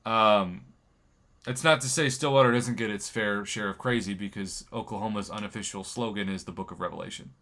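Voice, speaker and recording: A man's voice: on the low side, a little fast, fairly bright tone. A man hosting a live game stream, chatting casually and joking while reading viewer comments. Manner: jokey, chatty, reads viewer comments aloud.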